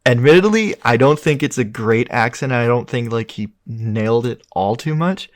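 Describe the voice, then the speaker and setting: Excitable swearing man, dry close sound. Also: mid-range voice, normal speed, no room sound. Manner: excitable, swears freely, laughs often. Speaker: podcast co-host. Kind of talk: casual film review chat.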